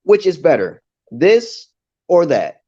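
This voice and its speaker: A man's voice: a little high, huge pitch swings, takes it slowly, dark tone, lo-fi sound. A man from New York with a New York accent, teaching English over a casual live stream, explaining with patient repetition. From Brooklyn, New York, USA.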